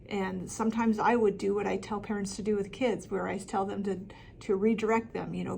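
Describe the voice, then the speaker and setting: A woman's voice: mid-range voice, moderate pace, vocal fry, darkish tone, a little hiss or hum. A middle-aged woman coaching parents with practical advice, talking plainly with frequent ums and restarts. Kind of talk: talking-head advice video.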